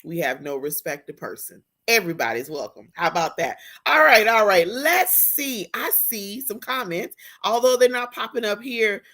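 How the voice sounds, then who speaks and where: A woman hosting a live-stream talk show, effusive and excitable, with a churchy way of talking. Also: mid-range voice, moderate pace, hardly any pauses. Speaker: host.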